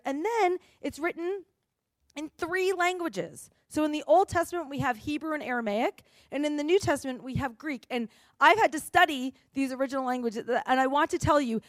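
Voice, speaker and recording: A woman with a high, bright-sounding voice preaches a casual teaching sermon. She explains things in a friendly, conversational way and keeps asking her listeners "right?" The sound is close and dry, with no room echo. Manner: chatty, explanatory, asks "right?" often.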